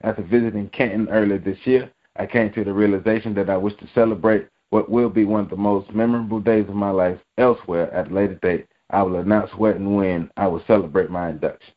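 Blunt, slangy low-voiced sports talker. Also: male voice, fairly even intonation, quick pace, few pauses, muffled recording. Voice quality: blunt, slangy, repetitive emphasis. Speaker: sports commentator. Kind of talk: casual sports talk commentary.

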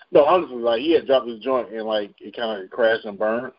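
A man's voice: medium pitch, brisk, hardly any pauses. A man hosting a casual radio-style chart rundown, joking and slangy with frequent laughs. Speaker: radio show host. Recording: dull lo-fi sound.

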